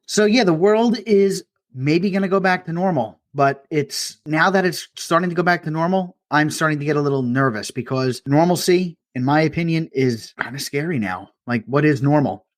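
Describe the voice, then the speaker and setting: A man's voice: on the high side, lively intonation, moderate pace, few pauses, dry recording, clean studio sound. A man co-hosting a casual comedy podcast, telling stories as rants and swearing freely. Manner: ranting storyteller, swears freely. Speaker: podcast co-host.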